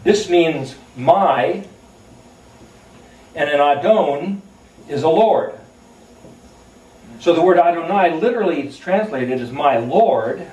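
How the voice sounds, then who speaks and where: A man's voice: a little high, expressive, slow pace, pauses often, darkish tone, muffled recording. A man giving a Bible teaching, explaining Hebrew letters and words in a musing, explanatory way. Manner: explanatory, spells out Hebrew letters, muses aloud. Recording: echoey room, mic at a distance.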